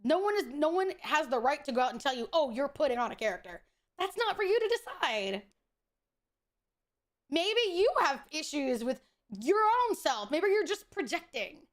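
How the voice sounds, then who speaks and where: A woman streamer with a high voice chats casually while she plays a game. She is blunt, profane and opinionated, and she speaks her mind. Nothing she says is held back. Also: big pitch swings, moderate pace. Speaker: VTuber streamer. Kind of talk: casual chat while gaming.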